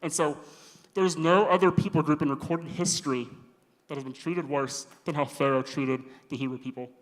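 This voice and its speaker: A man preaching a casual sermon, slangy and animated, acting out the characters' lines himself. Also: fairly high pitch, moderate pace. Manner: slangy, animated, acts out quoted voices. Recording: long hall reverb.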